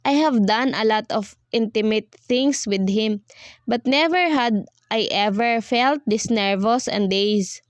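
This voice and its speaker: Slow, calm woman reading a romance novel. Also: on the high side, dry recording, studio quality. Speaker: narrator.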